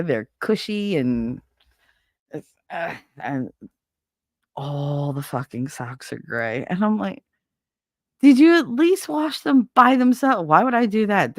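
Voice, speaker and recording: A middle-aged woman with a fairly low voice, talking in a blunt, exasperated rant full of swearing. She speaks close to the mic in a dry, dead room, like a casual livestream host chatting to viewers. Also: measured pace, no room sound. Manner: blunt, profane, exasperated ranting. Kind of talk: casual venting monologue.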